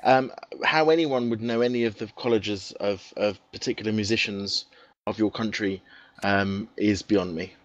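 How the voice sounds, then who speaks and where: A man's voice: fairly low pitch, normal speed. A man with an English accent, a regular on a fan podcast, teasing the others with dry humor. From England. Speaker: co-host, trivia player.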